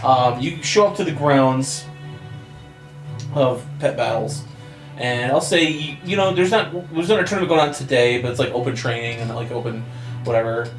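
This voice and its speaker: A man's voice: medium pitch, moderate pace, reverberant, soft background music. A man running a tabletop game as game master, narrating loosely with lots of fillers and laughter. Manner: loose, rambling, laughs often.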